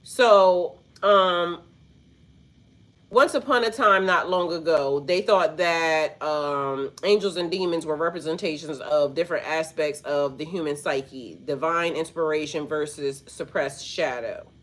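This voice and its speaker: A woman's voice: low voice, a little slow. A woman who works as a spiritual life coach, talking casually to her viewers in a rambling, slangy way and swearing freely, with a stuffy nose.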